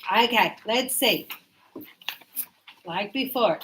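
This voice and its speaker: A woman's voice: mid-range voice, slow, a bit bright, slight background noise, low-quality recording. A woman teaching an English grammar class, chatting loosely and telling stories from her own life. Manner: chatty, tells anecdotes, repeats words. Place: classroom in Sydney.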